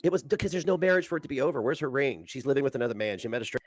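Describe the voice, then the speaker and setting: A man's voice: medium pitch, lively intonation, very fast, faint music behind. A man ranting in a crude, boastful way, often breaking into giggles. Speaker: streamer being reacted to.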